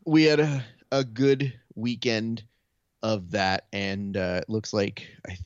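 A man with a lowish voice chats casually on a podcast. He tells profane stories and slips into quoted voices of friends. The audio sounds dry and dull. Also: fairly even intonation, slow, dry recording. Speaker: podcast co-host. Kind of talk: casual chat.

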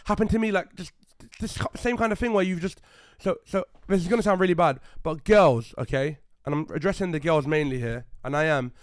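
A man's voice: a little high, brisk, few pauses, no room sound, studio quality. A young man on a casual podcast, retelling a story with heat and lots of swearing. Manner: animated, swears a lot, heated retelling. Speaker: podcast co-host.

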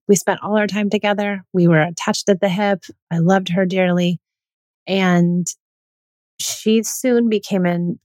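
A woman's voice: fairly low pitch, a little mellow, no room sound. A woman in her thirties, a mother, speaking candidly and reflectively in a personal monologue. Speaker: mother telling her parenting story.

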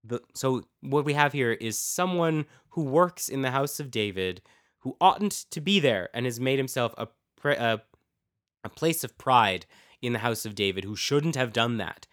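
A man's voice: mid-range voice, very animated, moderate pace, fairly bright tone. Man musing through a scripture lecture. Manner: musing, poses rhetorical questions to listeners; reads scripture aloud with dramatic emphasis. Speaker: podcast host teaching on scripture. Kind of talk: informal lecture with Bible readings.

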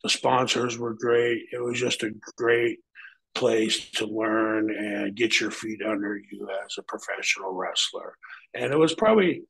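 A man's voice: fairly low pitch, measured pace, vocal fry, husky, poor audio. A man guest in an interview, telling stories casually and animatedly, laid-back and profane. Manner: animated, acts out quoted voices. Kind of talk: casual storytelling.

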